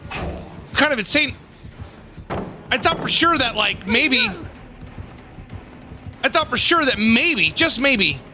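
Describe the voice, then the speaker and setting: A man giving casual, excitable gameplay commentary as a gaming YouTuber, swearing and laughing often. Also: very high voice, slow, long pauses, over music.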